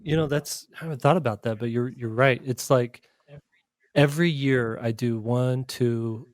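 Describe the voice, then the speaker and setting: A man, an art instructor, talking casually in a podcast discussion, relaxed and conversational. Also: medium pitch, normal speed, no room sound.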